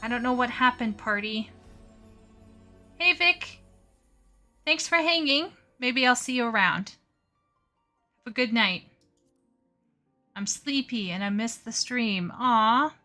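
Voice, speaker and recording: Live-streaming a game, a woman chats casually with her viewers, often flustered and stammering as she talks to chat while playing. Her voice is fairly high, pushed and bright, at a measured pace with frequent pauses, over soft background music.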